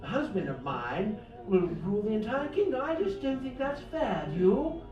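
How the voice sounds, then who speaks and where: A man's voice: high voice, sing-song, moderate pace, voice pushed up. A man putting on an indignant young princess. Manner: rambling, hesitant, aggrieved. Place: cafe open mic. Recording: echoey room, far mic, dull, music behind.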